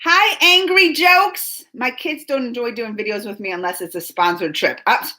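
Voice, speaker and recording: A woman's voice: a little high, moderate pace. A woman in her forties hosting a live stream, chatting casually and teasingly with viewers as she reads their messages. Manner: animated, teasing, talks straight to chat readers. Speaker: live-stream host reading chat.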